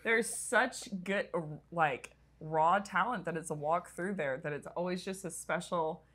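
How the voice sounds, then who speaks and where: Woman, casual podcast chat, chatty, laughs often, lowish pitch. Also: unhurried, fairly bright tone. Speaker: podcast co-host.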